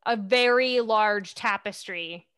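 A woman's voice: mid-range voice, takes it slowly, fairly bright tone, clean tone. A woman narrating a tabletop game as its game master, playful and amused.

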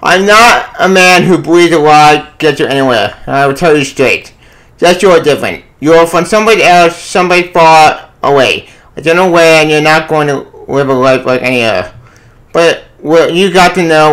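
A man reading the part of a gentle aging farmer father counseling his son, in a slow, earnest, homespun way. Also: on the high side, low-quality recording.

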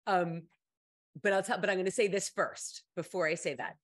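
A middle-aged woman, host of an advice stream, telling a story in a casual chat and jumping into high voices to quote people. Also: fairly even intonation, normal speed.

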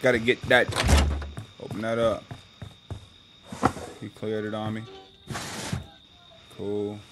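Loud, playful man streaming a game. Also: lowish voice, takes it slowly, over loud music, low-quality recording. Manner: loud, playful trash talk with sudden excited cries. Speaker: gaming streamer. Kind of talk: casual gameplay commentary.

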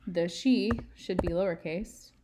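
A woman's voice: fairly low pitch, measured pace, background noise. A woman teaching writing in a tutorial, patient and step by step, leaning on key words for emphasis. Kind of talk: screen-share writing tutorial.

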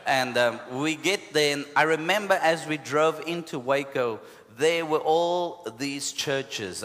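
A man with a South African accent, a pastor telling a story in an animated sermon, punctuated with hallelujahs and asides. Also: medium pitch. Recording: long hall reverb.

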